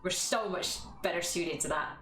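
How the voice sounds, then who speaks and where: A woman's voice: fairly low pitch, normal speed, fairly bright tone, a little hiss or hum. A young woman with a cough, leading a live-stream yoga class in casual chat, laughing often and swearing freely. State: has a cough. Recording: roomy room with faint music.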